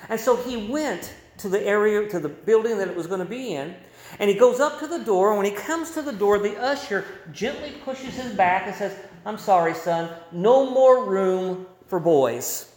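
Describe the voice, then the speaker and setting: Preacher guy, high voice, storytelling sermon, goes loud then real quiet, roomy echo. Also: lively intonation, moderate pace. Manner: storytelling, swings between loud and hushed. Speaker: pastor.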